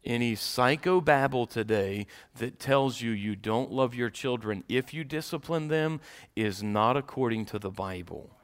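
A middle-aged male pastor preaching a sermon, swinging from loud preaching to quiet storytelling. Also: mid-range voice, lively intonation, a little slow, clear, resonant tone.

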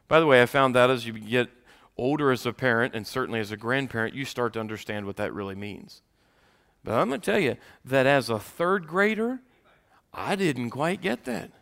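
Bright-voiced man preaching a sermon. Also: mid-range voice. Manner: swings from loud preaching to quiet storytelling. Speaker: pastor.

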